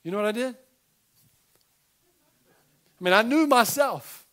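A middle-aged man preaching a sermon as pastor, animated and emphatic, with conversational asides to the congregation. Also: extremely high pitch, unhurried.

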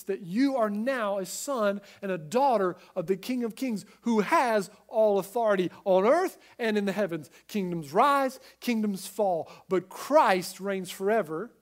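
A man with a notably high speaking voice delivers a sermon as a pastor. He is earnest and emphatic and speaks directly to listeners at home, dropping soft and then building loud again. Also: expressive, measured pace. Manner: earnest, emphatic preaching with swings in loudness.

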